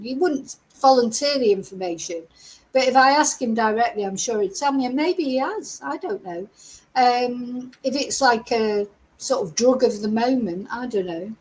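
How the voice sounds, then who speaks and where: A middle-aged woman hosts a true crime livestream, her fairly high voice coming through a low-quality recording. Her commentary is chatty and exasperated, with laughter slipping in between remarks.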